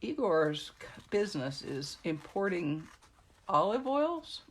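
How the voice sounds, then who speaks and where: In a lowish, husky voice with big pitch swings, a middle-aged card-making demonstrator talks slowly while chatting and joking with viewers on a live-streamed craft tutorial, showing them how to make a card.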